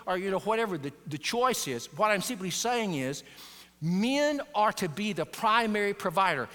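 Male pastor preaching, fairly high voice, earnest and repeaty, long echo in a big church. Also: fairly bright tone. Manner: earnest, repetitive, storytelling with emphatic restated points. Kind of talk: sermon. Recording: long reverb of a large hall.

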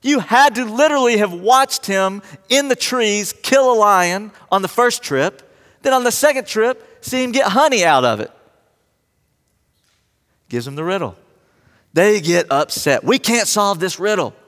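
A man preaching from the pulpit, high-pitched and animated as he retells an old story. He slips into little voices for each character and jokes with the congregation. His voice rings out with the long reverb of a large sanctuary. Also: unhurried. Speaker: pastor. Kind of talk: sermon.

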